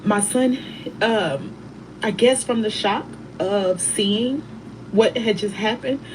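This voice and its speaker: Middle-aged woman telling her story, soft and halting, stops and restarts, some faint hiss behind. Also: medium pitch. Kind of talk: emotional personal storytelling.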